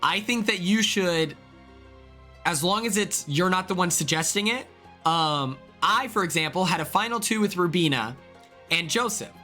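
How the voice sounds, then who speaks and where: A young man from Oklahoma talks through his stream in a loose, rambling way, full of ums and likes, now and then jumping up in excitement. His voice sits a little high and sounds bright and sharp. Soft music plays underneath. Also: normal speed. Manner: rambling, filler-heavy, with sudden excited outbursts. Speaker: streamer, former reality show contestant. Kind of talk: casual livestream chat.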